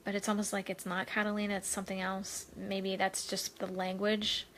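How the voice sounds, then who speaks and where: Chatty woman host, mid-pitched, rambling live-stream talk, faint room noise. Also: completely flat delivery, normal speed, fairly bright tone. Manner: chatty, rambling, with frequent fillers and laughter. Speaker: spiritual medium host. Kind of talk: casual live-stream chat. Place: home, Maui.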